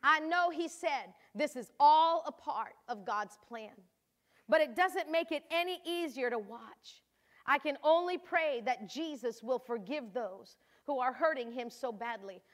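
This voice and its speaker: A woman's voice: high voice, expressive, a little slow, a bit bright. An older woman voicing a devoted mother from scripture, reading her diary entries earnestly and with feeling. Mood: grieving. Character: grieving then joyful mother of a holy son.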